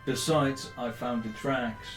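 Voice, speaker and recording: A man's voice: medium pitch, steady tone, slow pace. A man with a Dutch accent playing a tabletop game, playful and teasing. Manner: playful, teasing, laughs often. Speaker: player. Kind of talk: casual tabletop role-play chat. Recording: echoey room, faint music.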